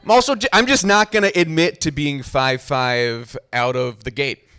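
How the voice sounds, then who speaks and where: A man's voice: on the high side, normal speed, bright, forceful tone, smooth. A young man doing a stand-up comedy set with a dry, self-deprecating delivery. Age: young adult.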